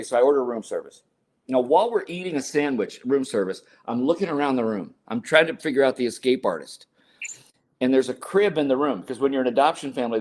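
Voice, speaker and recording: A man in his sixties, a podcast guest telling personal stories in an interview and acting out the quoted lines with lively energy. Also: medium pitch. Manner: animated storyteller acting out quotes. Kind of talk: storytelling interview.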